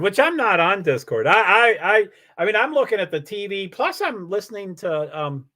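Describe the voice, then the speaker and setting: A man's voice: high-pitched, sing-song, moderate pace, few pauses, pushed and bright. A man hosting a casual livestream, answering viewer comments in a rambling way with many restarts. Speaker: livestream host.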